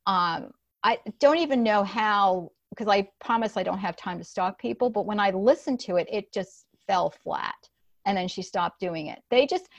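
A woman's voice: medium pitch, no echo. A middle-aged woman hosting a podcast, chatting casually and rambling through fillers and restarts. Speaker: podcast host. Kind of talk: casual chat. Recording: dull, dry lo-fi recording.

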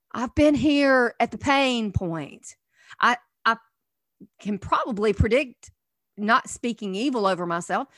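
A middle-aged woman minister giving an earnest teaching sermon, asking many rhetorical questions and swinging from soft to emphatic. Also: high-pitched, no echo, clean studio sound.

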